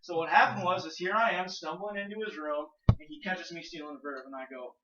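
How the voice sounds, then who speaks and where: A young man giving an energetic, salesy pitch and personal story at a house event, full of fillers like "you know" and "kinda". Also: fairly quick, few pauses, background noise. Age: young adult. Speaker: network marketing speaker. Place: house party, in a living room. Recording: roomy, distant, dull lo-fi sound.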